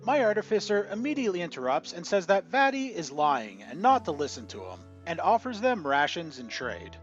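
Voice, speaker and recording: Animated male storyteller, lo-fi. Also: high voice, a little fast. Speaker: channel narrator. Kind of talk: scripted narration of a tabletop gaming story. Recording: dull lo-fi audio with faint music.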